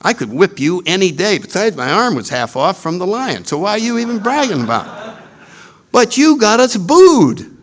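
A man's voice: sits high, big pitch swings, normal speed, pitched above the performer's own voice. A man doing a grumbling, sore gladiator. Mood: aggrieved. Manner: complaining and argumentative. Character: grumbling, resentful man playing a beaten gladiator.

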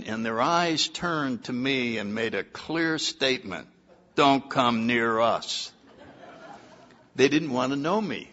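A man's voice: mid-range voice, fairly bright tone, highs cut off. An older man giving personal testimony at a recovery meeting, telling his story with wry, self-mocking humor.

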